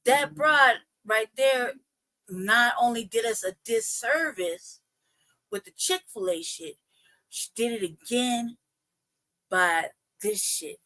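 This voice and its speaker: A woman hosting a livestream, giving a heated, profane rant that circles back on itself as she tries to calm herself down. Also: a little high, slow pace. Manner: profane, heated, repetitive ranting; trying to calm herself down between outbursts. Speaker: livestream host. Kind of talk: ranting commentary livestream.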